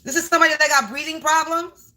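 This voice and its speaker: Bright high-voiced woman livestreaming. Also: quick pace. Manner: emphatic, repetitive, talks straight to viewers. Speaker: spiritual reader livestreaming. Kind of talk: casual livestream card reading. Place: home.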